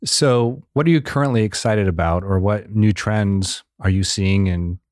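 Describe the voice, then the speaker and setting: Deep, warm-voiced man interviewing. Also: moderate pace, no room sound, clean studio sound. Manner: easygoing, affirms often. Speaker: podcast host. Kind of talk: interview questions.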